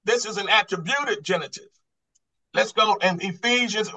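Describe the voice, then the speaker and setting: Male Bible study teacher, high and bright, quizzing style, repeats and restarts. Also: normal speed, poor audio. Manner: quizzing the class with repeated questions; restarts and repeats words when stressing a point. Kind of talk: Bible study lesson on Greek grammar.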